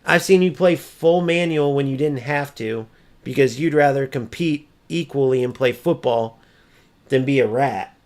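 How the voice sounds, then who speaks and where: A man's voice: medium pitch, unhurried, darkish tone. A man hosting a gaming channel, delivering a blunt, profane casual rant and repeating points for emphasis.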